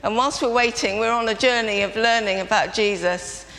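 A woman's voice: on the high side, normal speed, vocal fry. Woman leading a church children's talk. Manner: lively, prompting audience participation. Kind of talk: family service talk to children and congregation. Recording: reverberant church, faint background noise.

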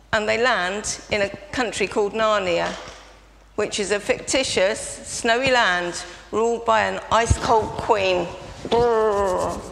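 A woman's voice: a little high, vocal fry. Woman leading a church children's talk. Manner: lively, prompting audience participation. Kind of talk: family service talk to children and congregation. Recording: reverberant church, faint background noise.

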